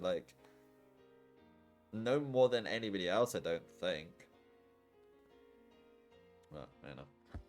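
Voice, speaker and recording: A man's voice: deep voice, animated, slow, long pauses, darkish tone, faint music behind. A man streaming, chatting casually and rambling between lines of a game he reads aloud. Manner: rambling, lots of "like", laughs easily. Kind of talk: casual commentary while reading a game.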